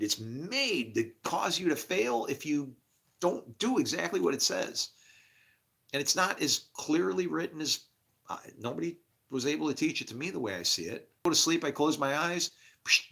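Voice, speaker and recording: A man's voice: medium pitch, bright, forceful tone. A middle-aged man rambling grumpily about faith and his day, preaching and laughing at himself. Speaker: vlogger. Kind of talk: rambling monologue.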